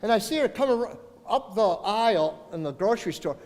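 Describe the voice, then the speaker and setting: A middle-aged Minnesotan, retiring as mayor, delivers a farewell speech in a city hall council chamber whose long reverb fills the recording. His high-pitched voice is sing-song and a little mellow, at a moderate pace, as he tells folksy stories and acts out the voices in them.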